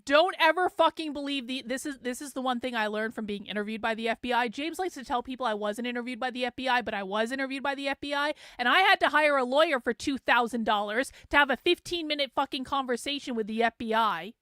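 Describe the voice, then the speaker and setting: A woman's voice: high-pitched, fast talker, few pauses, a bit bright, no echo, studio quality. A woman hosting a show, giving profane, emphatic political commentary with laughing asides. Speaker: host.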